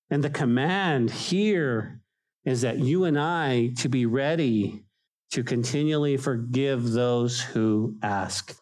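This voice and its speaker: Middle-aged pastor guy preaching, kinda high voice, lively, acts out voices. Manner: animated, acts out quoted voices, repeats words when starting. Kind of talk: sermon.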